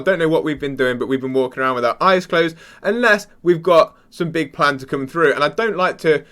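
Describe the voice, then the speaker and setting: A young man hosting a crypto channel, talking casually and excitedly to viewers, rambling and stumbling as he searches for words. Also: medium pitch. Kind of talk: casual excited commentary to camera.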